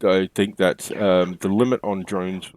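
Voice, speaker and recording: Low-voiced man hosting a game stream. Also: flat delivery, measured pace, a little mellow. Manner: chatty, self-correcting, laughs easily. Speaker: stream host. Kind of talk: casual game stream commentary.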